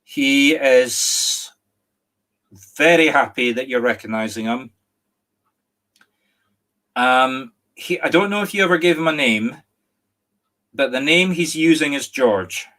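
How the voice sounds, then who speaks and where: A middle-aged Scottish man, a medium giving a live reading online, speaking gently and apologetically with many restarts and a catch of emotion. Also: medium pitch, slow, pauses often. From Scotland. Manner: emotional, near tears at times. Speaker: psychic medium.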